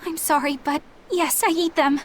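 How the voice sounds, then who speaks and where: A woman's voice: high-pitched, steady tone, normal speed, natural voice. A woman voicing a playful, scheming young witch in a video game. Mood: startled. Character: eccentric, mischievous young witch.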